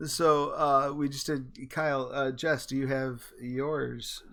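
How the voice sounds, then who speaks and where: A man's voice: mid-range voice, flat delivery, a bit bright. A man running a tabletop character creation session as game master, talking over a video call and often stopping and restarting his sentences. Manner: halting, stops and restarts often.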